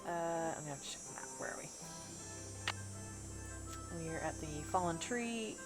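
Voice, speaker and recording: A woman's voice: deep voice, animated, moderate pace. A woman with a Missouri Bootheel twang, chatting casually while streaming a mystery game, thinking aloud and reading chat. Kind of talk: livestream gameplay commentary. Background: game music and cicadas.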